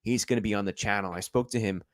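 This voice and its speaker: A man's voice: on the low side, quick pace, dry recording. A young man hosting a football stream, chatting casually and rambling with many fillers. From United States. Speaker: football channel host. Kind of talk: casual live-stream chat.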